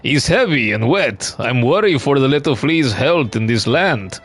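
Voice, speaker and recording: A man's voice: medium pitch, animated, measured pace. A man voicing a hearty bug brewer in a video game, speaking broken English with a put-on Russian accent. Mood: grumbling.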